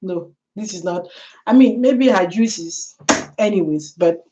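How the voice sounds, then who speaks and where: Slow-talking woman vlogger, lo-fi sound. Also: mid-range voice, warm tone, a little hiss or hum. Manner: chatty, laughing, speaks straight to the viewer. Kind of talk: casual storytelling commentary.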